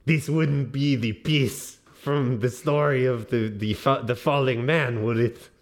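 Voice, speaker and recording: A man's voice: mid-range voice, fairly even intonation, measured pace. A man taking his turn as a player in a tabletop game, speaking playfully and partly in character. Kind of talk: casual tabletop game play.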